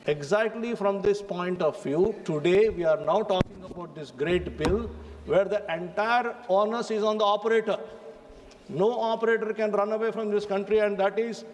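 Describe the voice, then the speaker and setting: A man's voice: high-pitched, darkish tone, a little hiss or hum. A man with an Indian English accent giving a formal, emphatic speech in parliament, addressing the chair. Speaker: member of parliament. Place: large parliament chamber. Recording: reverberant chamber, faint ambience.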